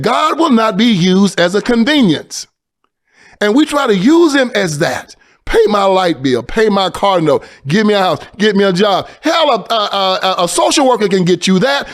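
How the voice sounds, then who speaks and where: A man from Tennessee, talking in a preaching style, moving from loud emphasis to hushed storytelling. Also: high-pitched. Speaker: guest.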